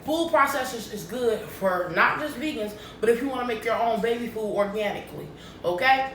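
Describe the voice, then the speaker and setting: A woman vlogging casually to camera in a lively way, often checking in with her viewers. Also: on the high side, normal speed. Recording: echoey room, distant mic, faint noise.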